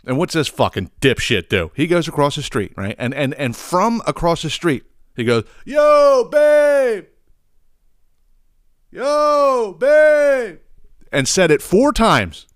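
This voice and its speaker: A man's voice: medium pitch, big pitch swings, normal speed, fairly bright tone, dry recording, clean studio sound. A man hosting a podcast, ranting comically in a profane, exasperated way. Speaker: podcast host. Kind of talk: comedic rant.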